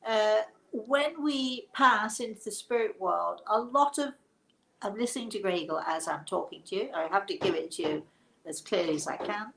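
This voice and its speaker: A woman's voice: medium pitch, moderate pace, a bit bright, poor audio. A woman hosting a live stream as a psychic medium, chatting casually and rambling with frequent laughs and restarts. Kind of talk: casual live webinar chat.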